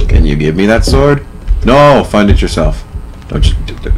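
A young man giving casual, profane gameplay commentary, sarcastic and prone to loud outbursts. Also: fairly low pitch, animated, measured pace, slight background noise, low-quality recording. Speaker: let's play commentator.

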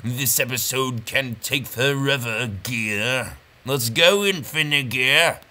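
A man's voice: medium pitch, slow pace, sharp tone. A man giving casual, rambling, self-mocking commentary over a brain-training game. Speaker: gameplay commentator.

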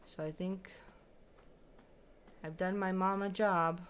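A woman's voice: fairly low pitch, fairly even intonation, takes it slowly, slight background noise. A young woman giving casual let's-play commentary, chatting to the animals in her game as if they were her kids. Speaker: gaming YouTuber.

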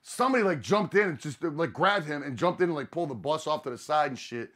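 Podcast host, man, casual profane storyteller, slightly higher voice. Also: lively intonation, fast talker, fairly bright tone.

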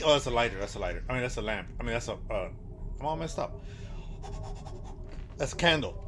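A man's voice: mid-range voice, lively intonation, quick pace, long pauses, fairly bright tone. A man giving joking let's-play commentary on a horror game, talking to his viewers and to the characters on screen. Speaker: gaming channel host. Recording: game music underneath.

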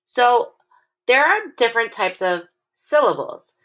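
A woman teaching a phonics lesson to young children, patient and encouraging, stretching her sounds out slowly and clearly. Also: on the high side, sing-song, fairly bright tone.

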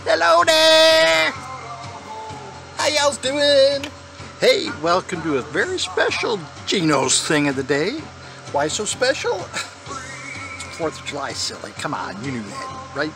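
A man's voice: a little high, huge pitch swings, moderate pace. A middle-aged man hosting a comedic vlog, telling corny jokes and puns in a chatty monologue. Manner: corny, jokey pun-telling delivery. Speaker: host. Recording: background music under voice.

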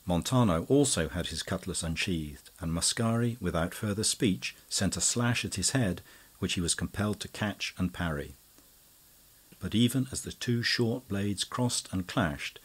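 Deep husky male audiobook narrator. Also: moderate pace. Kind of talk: scripted narration.

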